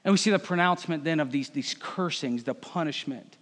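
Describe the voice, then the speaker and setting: A man's voice: on the high side, fairly quick, a bit bright. A man preaching a sermon in a conversational way, with joking asides. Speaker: pastor. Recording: long hall reverb.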